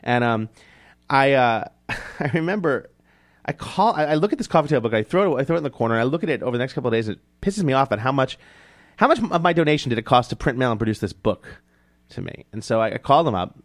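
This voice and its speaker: A man being interviewed, telling stories casually and animatedly, jumping up in pitch to act out other people. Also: fast talker, dry recording, studio quality. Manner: animated, acts out quoted voices in a higher pitch. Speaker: guest. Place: New York City.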